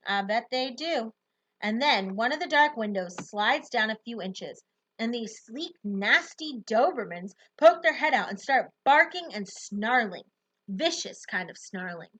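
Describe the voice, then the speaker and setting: Bright, expressive woman narrating a novel. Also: fairly high pitch. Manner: expressive, lively storytelling. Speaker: audiobook narrator. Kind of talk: first-person novel narration.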